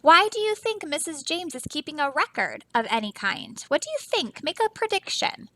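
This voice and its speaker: A woman teacher reading a children's picture book aloud in a soft, expressive storytelling voice, often stopping to ask her young listeners questions. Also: high-pitched, normal speed, no room sound, low-quality recording.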